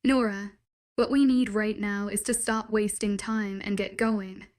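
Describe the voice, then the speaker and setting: A woman's voice: medium pitch, steady tone, measured pace, darkish tone, lightly acted. A woman reading a curt, angry werewolf man. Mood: stern. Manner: curt, clipped orders.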